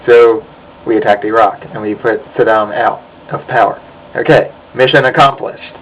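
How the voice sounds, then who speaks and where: A man's voice: medium pitch, rough recording. A young American man in a profane, angry rant to his webcam, sighing and swearing as he complains. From United States. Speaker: vlogger. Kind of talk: ranting monologue.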